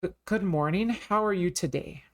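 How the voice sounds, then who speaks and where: A woman's voice: lowish voice, normal speed, close to an everyday voice. Woman reading a flustered young lawyer. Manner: flustered, stammering. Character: nervous young male defense lawyer.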